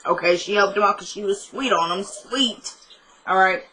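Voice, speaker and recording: A woman chats through an episode recap in a bright voice that sits in an ordinary middle range. She acts out the characters' lines as she retells each scene and drops blunt, lightly profane asides along the way. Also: mid-range voice, flat delivery, quick pace, a little hiss or hum, rough recording. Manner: blunt asides with mild swearing.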